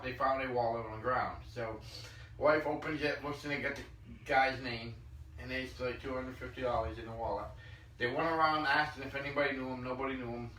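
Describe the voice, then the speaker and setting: A man on a podcast casually retelling anecdotes, acting out the quoted dialogue and often clearing his throat. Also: medium pitch, bright, forceful tone. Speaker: podcast host. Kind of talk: casual storytelling. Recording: echoey room, distant mic, faint noise.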